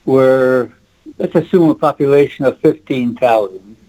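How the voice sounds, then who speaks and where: A man in his eighties from Quebec, French Canada, whose first language is French, tells rambling stories as an interview guest, reminiscing and chuckling in casual storytelling. His voice is mid-range, unhurried, and warm, and the audio is poor.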